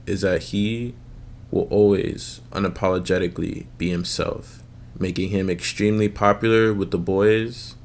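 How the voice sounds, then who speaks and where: Deep gravelly male narrator. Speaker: documentary narrator. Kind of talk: scripted narration. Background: faint music.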